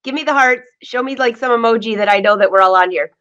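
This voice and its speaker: A woman hosting a live sewing vlog from her home studio, chatty and excitable, laughing often. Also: on the high side, quick pace, muffled recording. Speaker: vlog host. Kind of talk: live-streamed casual chat.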